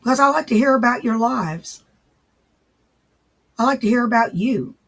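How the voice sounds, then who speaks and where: A man hosting a casual livestream, answering viewers in his chat and gently repeating his reassurances. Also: extremely high pitch, expressive, moderate pace, vocal fry. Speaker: livestream host.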